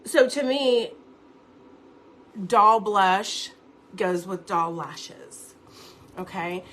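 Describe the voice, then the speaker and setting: A woman's voice: medium pitch, drawn-out words, fairly bright tone. A woman giving a chatty live makeup tutorial at home, talking viewers through each step. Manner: chatty, instructive, addresses viewers directly. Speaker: makeup seller and beauty teacher.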